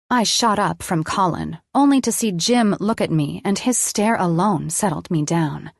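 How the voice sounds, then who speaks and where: A woman's voice: lowish voice, normal speed, gravelly, hardly any pauses, no room sound, studio quality. A woman reading a romance audiobook in first person, with an intimate, confessional tone. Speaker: audiobook narrator.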